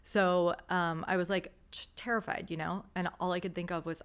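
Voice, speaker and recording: A woman's voice: lowish voice, fairly even intonation, normal speed, hardly any pauses, clean tone. A woman in her thirties, a podcast guest, telling a candid, emotional story with many fillers.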